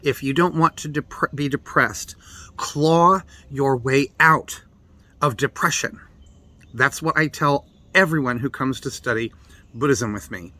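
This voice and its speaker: A man's voice: mid-range voice, unhurried, bright, forceful tone. A middle-aged man giving a blunt, emphatic talk on meditation as a Buddhist teacher. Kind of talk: direct-to-camera daily reflection talk.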